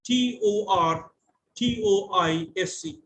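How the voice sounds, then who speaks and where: Indian english guy teaching over a video call, spells stuff out, kinda high voice. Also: slow, pushed and bright, slight background noise, poor audio. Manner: explanatory, spells words out letter by letter. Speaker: lecturer. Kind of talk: online lecture to students.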